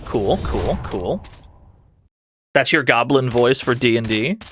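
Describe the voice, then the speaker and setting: A man's voice: mid-range voice, animated, takes it slowly, a bit bright, slight background noise. A man giving casual, playful commentary while streaming a game, laughing often and making mock-dramatic remarks. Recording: game music under the voice.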